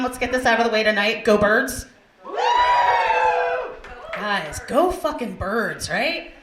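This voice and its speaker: A woman's voice: mid-range voice, a bit bright, slight background noise. A woman, hosting a stand-up comedy set and bantering crudely with the crowd. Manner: brash, crude, chatty with the crowd. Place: comedy club stage. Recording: roomy club sound.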